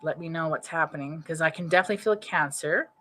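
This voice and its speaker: A woman giving a psychic reading over a live stream. Her voice sits a little low but comes across bright and forceful. She rambles and restarts as she thinks aloud, chatty and informal. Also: fast. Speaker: psychic medium. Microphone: webcam or computer mic.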